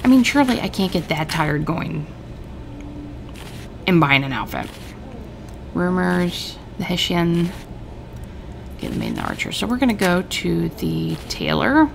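A woman's voice: lowish voice, sing-song, a little slow, gravelly, long pauses, background noise. A woman hosting a gaming let's-play, chatting and musing aloud as she reads and makes choices. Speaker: gaming host.

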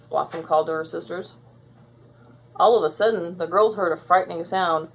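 A woman narrating a children's storybook aloud in an expressive, clear storytelling manner. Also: lowish voice, moderate pace, poor audio. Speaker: storybook reader.

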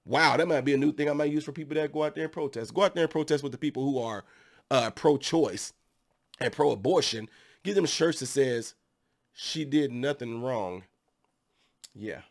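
Male host, higher voice than most men, sarcastic emphatic commentary, keeps hammering rhetorical questions. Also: fairly quick.

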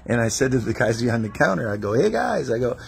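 A man's voice: mid-range voice, rapid-fire, vocal fry, a little hiss or hum. A man preaching a testimony-style sermon as an evangelist, telling stories animatedly and acting out prayers and dialogue.

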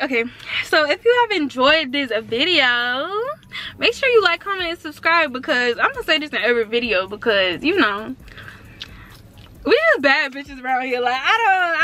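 A bubbly teenage woman giving a casual vlog tour from inside her car. Her voice sits a little high, and she gushes and rambles with constant fillers. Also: moderate pace. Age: around 19. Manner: excitable and chatty, full of fillers like "like" and "um". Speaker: vlogger.

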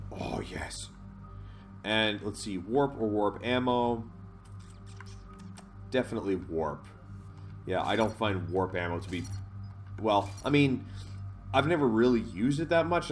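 Man, casual game commentary, lowish voice, rambling, swears, chuckles, faint music under. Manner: rambling, swears and laughs often, reads menu text aloud. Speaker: let's play host.

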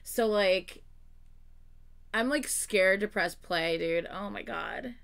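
A woman hosting a reaction video, gushing, exclaiming and swearing as she watches, excited and close to tears. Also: medium pitch, slow, vocal fry. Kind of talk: casual reaction commentary.

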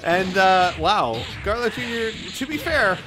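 A man's voice: high-pitched, expressive, measured pace. A man giving casual, joking live commentary on a computer fight, easily distracted and laughing often. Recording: loud game music under the voice.

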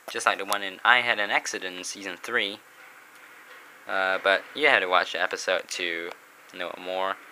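A man's voice: low-pitched, moderate pace, pushed and bright, slight background noise, poor audio. A man casually reviewing a comic book, rambling, chuckling and reading panels aloud.

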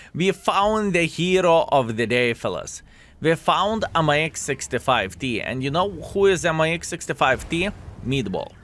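A man's voice: medium pitch, a bit bright, slight background noise. A young adult man giving casual, joking commentary over gameplay, chatting to his viewers as "fellas.". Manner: chatty, addresses viewers as fellas, playful jokes. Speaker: gaming commentator.

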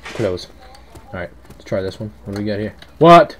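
A man's voice: lowish voice, flat delivery, brisk, darkish tone, a little hiss or hum. A man giving casual, rambling commentary while playing a horror game, easily startled and yelping at scares, on a headset mic. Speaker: let's play commentator.

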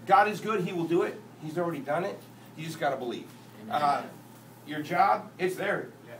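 A man speaking at a church, a lively, joking storyteller who acts out the dialogue in his testimony. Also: a little high, normal speed, a little hiss or hum. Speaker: guest speaker and singer at a church. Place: church sanctuary. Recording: echoey church hall, distant mic, guitar.

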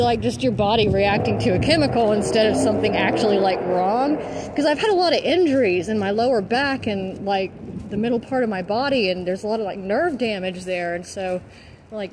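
A vlogger from the American South, her Southern accent mostly toned down, chats candidly as she walks around town and into shops. She has a medium-pitched voice, swears now and then, and says "like" a lot. Noisy street ambience fills the outdoor recording.

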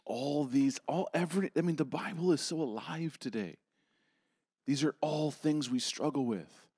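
A man preaching a sermon, rising to strong emphasis and then dropping to soft, near-whispered reassurance. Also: on the high side, moderate pace, husky, dry recording, studio quality. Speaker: pastor. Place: church.

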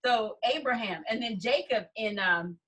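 A woman co-hosting a casual Bible study chat, commenting with animated, laughing energy and quick restarts. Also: a little high. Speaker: podcast co-host.

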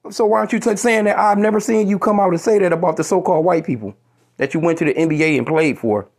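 A man rants straight to his audience in a commentary video, swearing freely and tripping over his own restarts. His voice sits a little higher than most men's. Now and then he pauses to look up and quote scripture. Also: a little mellow. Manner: profane, heated, repetitive restarts, quotes scripture. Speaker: commentary vlogger.

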